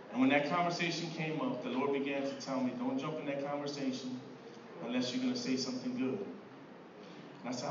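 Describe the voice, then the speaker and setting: A man's voice: fairly high pitch, fairly even intonation, quick pace, highs cut off. A middle-aged man preaching a sermon to his church in a conversational way, often repeating words and asking "right?". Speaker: pastor. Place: church sanctuary. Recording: distant echoey room mic with background noise.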